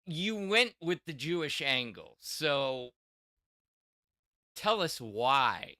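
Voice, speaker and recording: A man from Wisconsin with a mixed Wisconsin and Texas accent, hosting a livestream in casual chat, reading out donations in a halting way with restarts. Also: a little high, big pitch swings, sharp tone, no echo, studio quality. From Wisconsin, US Midwest. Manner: slow, halting, hesitant with many restarts. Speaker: stream host reading donations.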